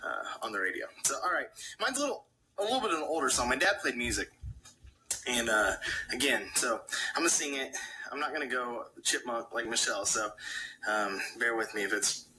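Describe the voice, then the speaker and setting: A man hosts a casual talk show with a very bright, crisp tone. He keeps things upbeat, dropping ums as he moves the chat along. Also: medium pitch, expressive, brisk, a little hiss or hum, low-quality recording. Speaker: podcast host.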